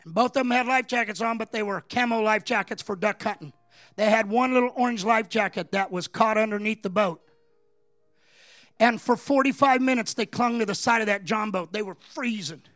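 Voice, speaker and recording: A man preaching a sermon as a pastor, telling a story in a low, conversational voice that climbs into shouted, impassioned preaching. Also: brisk, no echo, studio quality, soft background music.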